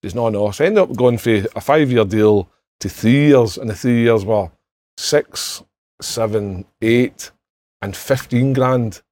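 A man's voice: medium pitch, measured pace, darkish tone, no room sound. A middle-aged Scottish man telling sweary, laughing anecdotes in casual podcast chat, acting out other people's lines. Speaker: podcast panellist.

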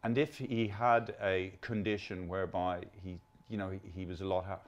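A man's voice: sits low, steady tone, normal speed. A man in his fifties hosts a podcast. He rambles, stumbles through restarts and drops blunt swear words into his thoughts. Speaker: podcast host. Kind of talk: casual conversation.

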